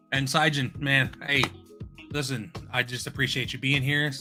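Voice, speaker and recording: A young man hosting a casual late-night livestream chat, excitable and affectionate, full of slang and repeated exclamations. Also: mid-range voice, moderate pace, soft background music. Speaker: livestream host.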